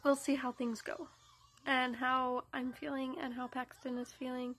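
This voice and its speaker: Congested high-voiced mom vlogging. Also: female voice, little pitch movement, measured pace, a bit bright. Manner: chatty, rambling. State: congested, stuffy-nosed. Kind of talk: casual home vlog. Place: at home indoors.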